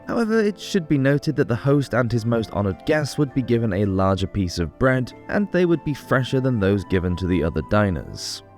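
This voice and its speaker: Male narrator, scripted history documentary, clear and explanatory, lively intonation, faint music underneath. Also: medium pitch, brisk, few pauses. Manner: clear explanatory delivery with casual jokey asides.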